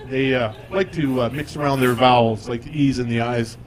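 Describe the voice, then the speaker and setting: Here a stand-up comic in his forties works a live comedy club audience, mocking himself in a conversational way. His mid-range voice has fairly even intonation and a normal pace.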